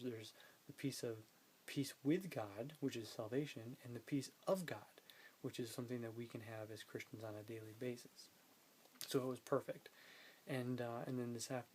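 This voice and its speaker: This vlogger, a man, talks casually into his phone camera at home, rambling through his day with fillers and quoting bits of conversations he had. His voice is medium in pitch with a somewhat dark tone. The recording is low quality, with a little hiss or hum.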